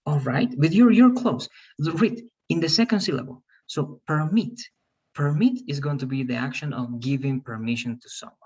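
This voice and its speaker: A man's voice: medium pitch, a little mellow, slightly rough, muffled recording. A man teaching English pronunciation over a video call, patient and repetitive, calling on students by name. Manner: patient, repeats okay and right, calls on students by name. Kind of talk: online class teaching.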